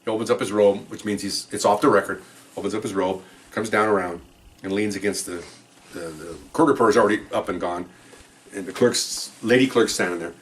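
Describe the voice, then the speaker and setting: A man recounts a police story for a podcast in a rather low voice. He talks in an animated way, wanders into asides and jumps back on track. He acts out the other people's lines as he goes. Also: brisk. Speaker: police officer telling stories.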